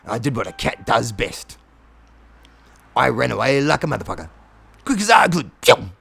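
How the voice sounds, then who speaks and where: A man's voice: medium pitch, moderate pace, vocal fry, husky, exaggerated voice. A man voicing a boastful, foul-mouthed three-legged male cat prince telling his war story. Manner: swearing, deadpan boasting.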